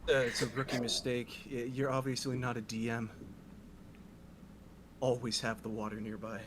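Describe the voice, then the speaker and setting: A man who is a guest in a casual group chat, talking in a wry, drawn-out way. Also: mid-range voice, flat delivery, a crowd in the background.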